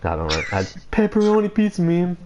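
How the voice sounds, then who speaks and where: A man streaming a video game, giving casual commentary, excitable and sweary, breaking into loud laughs and whoops. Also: high-pitched, fast, dull audio, a loud crowd. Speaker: gaming streamer.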